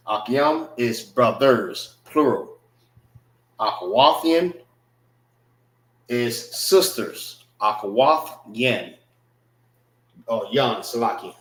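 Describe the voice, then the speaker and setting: A man's voice: medium pitch, reverberant. A man teaching a casual vocabulary class, repeating words and checking in with his listeners. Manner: slow, repetitive, checks in with listeners.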